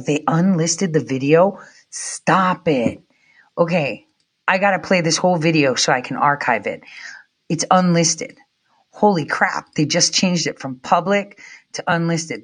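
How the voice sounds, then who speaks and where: An excitable woman talks off the cuff on a live stream. She rambles from one thought to the next and tosses in quick asides to her chat. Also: a little high. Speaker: livestreamer. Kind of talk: casual live-stream commentary.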